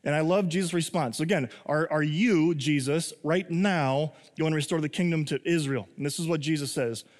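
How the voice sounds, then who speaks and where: A man's voice: a little high, brisk, few pauses. A young man preaching a sermon as pastor, telling the story with jokes and laughter and acting out the scenes in small voices. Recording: long hall reverb.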